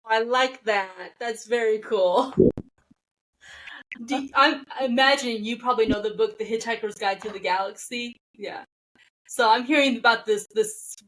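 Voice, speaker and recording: Woman podcast host, casual and friendly, a touch high-pitched. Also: fairly bright tone, low-quality recording. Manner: friendly, laughs easily, asks questions. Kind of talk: casual interview.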